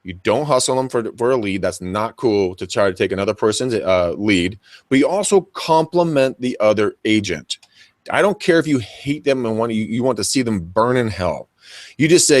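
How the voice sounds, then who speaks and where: Animated man acting out sales conversations. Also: lowish voice, moderate pace, dry recording, clean studio sound. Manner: animated, acts out both sides of conversations. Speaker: real estate agent co-host. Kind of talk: energetic coaching talk with acted dialogue.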